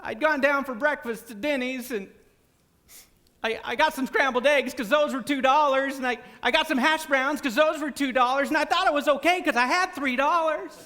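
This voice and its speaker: A man voicing an earnest young male student giving a halting, stammering testimony. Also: very high-pitched, bright, forceful tone, long reverb tail, voice pushed up.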